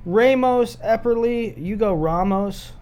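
Lively high-voiced man joking with a co-host. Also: moderate pace. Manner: teasing, animated picks. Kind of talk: casual sports chat.

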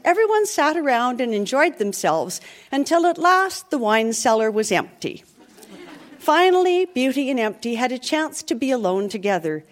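A woman reads a dark comic fairy tale aloud. Her high voice swings widely in pitch. The telling is playful and animated throughout. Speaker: storyteller. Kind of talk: reading a comic story aloud.

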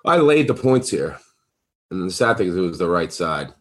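A man hosting a sports betting podcast, chatting casually and getting excited in sudden bursts. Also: moderate pace. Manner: excitable, big leaps in pitch. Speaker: podcast host.

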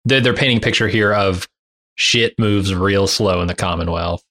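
A man's voice: low-pitched, moderate pace, sharp tone. A man co-hosting a podcast, casually summarizing plot points in a plain, blunt way. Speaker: podcast co-host. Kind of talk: casual TV recap chat.

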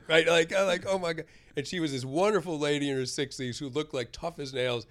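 A writer in an interview, telling a personal story with animated delivery and acted-out quotes. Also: male voice, on the high side, a little fast. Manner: animated, acts out quoted voices. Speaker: guest, writer.

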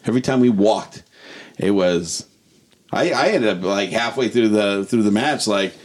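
A man's voice: on the low side, moderate pace, a little mellow. A man co-hosting a casual podcast, laughing and rambling through stories. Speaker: podcast co-host. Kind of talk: casual banter.

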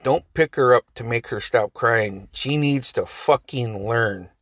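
A man voicing his gruff, profane grandfather figure, yelling loud exasperated rants at a baby. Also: mid-range voice, a little slow, dry recording, studio quality, lightly acted. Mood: stern.

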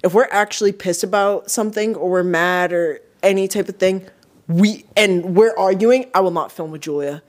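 A man's voice: sits high, normal speed. Laughing, cursing young podcast co-host man. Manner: laughs often, swears freely, animated storytelling. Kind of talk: casual podcast chat.

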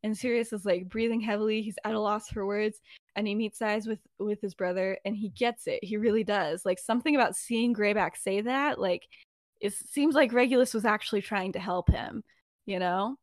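A woman's voice: mid-range voice, steady tone, normal speed, no room sound, studio quality. A young woman co-hosting a podcast, casually retelling a fan story with lots of fillers and "he's like". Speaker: podcast co-host.

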